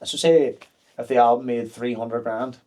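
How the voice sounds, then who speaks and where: A man's voice: mid-range voice, fairly even intonation, moderate pace, dark tone. A man in his thirties, a podcast guest talking openly and frankly, with plenty of fillers and restarts. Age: 30s. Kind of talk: candid podcast conversation.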